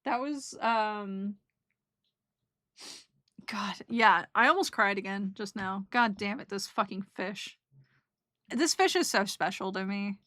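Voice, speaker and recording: Young woman rambling slow on stream, bright voice, dry close sound, kinda emotional and giggly. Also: mid-range voice, no room sound. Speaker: streamer recapping a trip. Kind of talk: casual chat.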